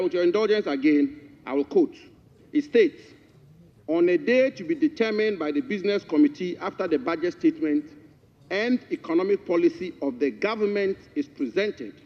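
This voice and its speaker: A man with a Ghanaian English accent making a formal statement in parliament, deliberate and emphatic, repeating formal courtesies. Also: on the high side. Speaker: member of parliament. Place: large parliamentary chamber. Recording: dull broadcast feed, long chamber reverb.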